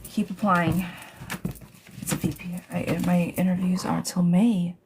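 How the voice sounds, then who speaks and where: During her live-stream tarot reading, a woman with a lowish voice speaks unhurriedly against background noise. She responds to viewers' questions bluntly and chattily, cursing liberally and addressing them as girl and love bug; she works herself into rants, then settles back down.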